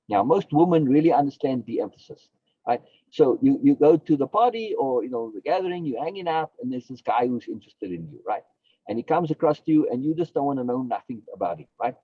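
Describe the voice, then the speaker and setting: A man's voice: on the high side, breathy edge, dry recording, dull audio. A man, a philosophy guest on a podcast, explaining his ideas emphatically, repeating key phrases and asking and answering his own questions.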